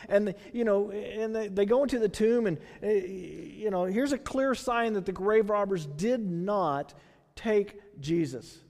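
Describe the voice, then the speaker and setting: High-voiced Texan preacher in an echoing hall. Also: male voice. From Texas. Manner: conversational, animated preaching with rhetorical questions. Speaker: pastor. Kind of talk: sermon. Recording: long hall reverb.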